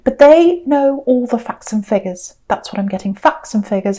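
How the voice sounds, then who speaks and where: A woman's voice: a little high, animated, moderate pace, mellow. A woman giving an intuitive tarot reading, earnest and repeating her phrases for emphasis. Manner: acts out quoted people in a mocking voice. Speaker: tarot reader.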